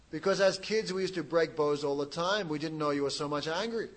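A man preaching a sermon, retelling a sacred story with lively asides and questions to his listeners. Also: on the high side, a little fast, few pauses, low-quality recording. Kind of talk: sermon with retold scripture story.

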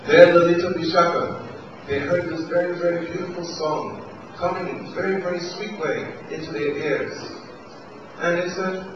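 A man giving a devotional sermon, telling a sacred story with quoted dialogue and drawn-out repetitions. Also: high-pitched, fairly even intonation. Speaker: spiritual teacher. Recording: distant voice in a reverberant hall, dull lo-fi, noisy.

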